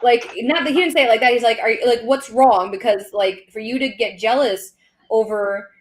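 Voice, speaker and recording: A woman co-hosting a live podcast, telling personal stories in casual, animated chat. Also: fairly high pitch, moderate pace, low-quality recording. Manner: animated storytelling with laughs. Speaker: podcast co-host. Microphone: studio podcast mic.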